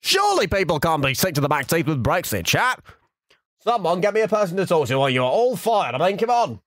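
A man's voice: a little high, big pitch swings, fairly quick, a bit bright, dry recording, clean studio sound. A man doing a comedy impression of a pompous, blustering right-wing talk radio host.

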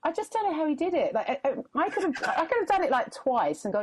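A woman's voice: high voice, sing-song, brisk. A woman, a comedian, chatting candidly and wryly on a podcast. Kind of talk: casual podcast chat.

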